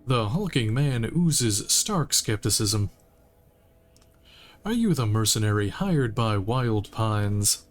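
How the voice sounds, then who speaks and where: A man streaming a game, reading its text aloud in a relaxed way and making occasional asides. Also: lowish voice, slow. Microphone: streaming mic.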